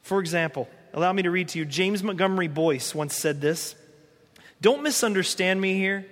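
High-voiced pastor preaching in an echoey hall. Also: male voice, normal speed. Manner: animated, acts out quoted voices. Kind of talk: sermon.

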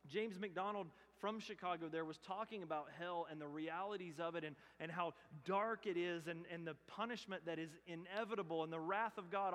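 A male pastor preaching a sermon, rising to loud emphatic bursts and dropping to hushed, earnest pleading. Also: sits high. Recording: long hall reverb.

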